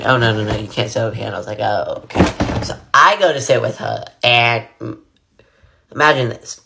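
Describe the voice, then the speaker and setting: A young man chats through a personal story as he gets ready for the day, his voice bright and forward at an average pitch. He rambles loosely, packing his sentences with "like" and "blah, blah" as he goes. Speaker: vlogger. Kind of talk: casual storytime while getting ready.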